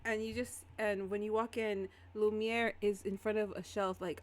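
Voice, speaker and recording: A lively woman narrating as game master of a tabletop role-play, laughing easily. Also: medium pitch, normal speed, hardly any pauses.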